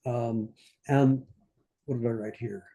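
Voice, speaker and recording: This conductor, an older man from the United States, teaches a masterclass on studying scores in a mellow, mid-range voice with fairly even intonation. He takes his time, uses fillers as he thinks aloud, and sings orchestral passages in scat syllables between points.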